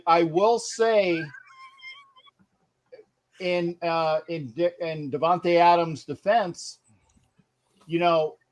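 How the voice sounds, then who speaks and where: Slightly high-voiced wry podcast man. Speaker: podcast co-host and football analyst. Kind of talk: casual sports podcast chat.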